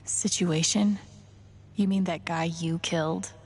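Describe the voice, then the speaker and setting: A woman's voice: lowish voice, fairly even intonation, slow pace, husky. A woman streaming a game and making dry, sardonic comments. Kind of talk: casual live commentary while playing.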